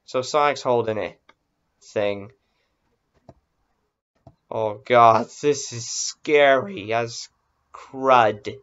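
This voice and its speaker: A man's voice: mid-range voice, drawn-out words, pauses often, fairly bright tone, clean tone. A man hosting a casual reaction video, easily startled and exclaiming, talking himself into being brave. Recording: dull lo-fi recording.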